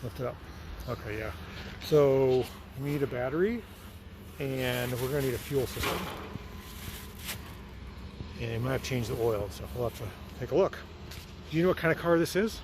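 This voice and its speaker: A noisy background surrounds this middle-aged American man as he works in his auto shop, casually narrating each step for his vlog in a friendly tone. He speaks at normal speed with a medium pitch, leaving long pauses.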